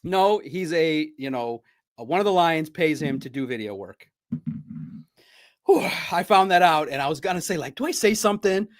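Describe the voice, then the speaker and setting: A man hosting a sports podcast, chatting casually and telling animated stories with frequent laughter. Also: on the high side, normal speed. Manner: animated storyteller, laughs often, mimics shouting. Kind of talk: casual livestream chat.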